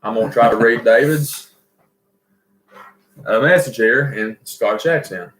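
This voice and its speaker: A man's voice: medium pitch, measured pace, a bit bright. Folksy Southern male livestream host, echoey room. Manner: folksy, rambling, reads viewer comments aloud. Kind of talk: casual livestream chat.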